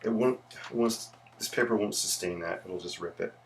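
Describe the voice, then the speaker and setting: Chatty guy doing a sketching livestream, lowish gravelly voice, a little background hiss. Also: normal speed. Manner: chatty, greets viewers, rambling asides. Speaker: livestream host and architect. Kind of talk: casual livestream chat while sketching.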